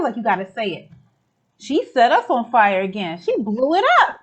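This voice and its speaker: A woman's voice: on the high side, big pitch swings, moderate pace, slightly rough. A woman from the United States hosting a spiritual talk show, effusive and exclaiming as she affirms her guests. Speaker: podcast host.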